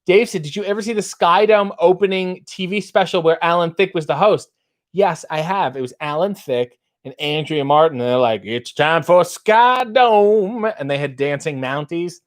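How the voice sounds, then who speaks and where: A man with a slightly higher-pitched voice hosts a casual livestream, reading viewer comments aloud. He answers each one with dry, wry asides. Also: normal speed. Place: dark room with a black backdrop.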